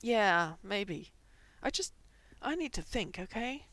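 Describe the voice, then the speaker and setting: A woman's voice: medium pitch, sing-song, slow pace, fairly bright tone, exaggerated voice. Woman voicing a prickly young hamster-man. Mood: anxious. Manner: exasperated, swearing outbursts.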